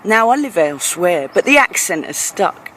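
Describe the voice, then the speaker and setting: A woman's voice: fairly low pitch, big pitch swings, moderate pace, a bit bright, a little hiss or hum. A woman with a London accent performing a rhymed spoken-word rap in a playful, rhythmic delivery. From England. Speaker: performance poet.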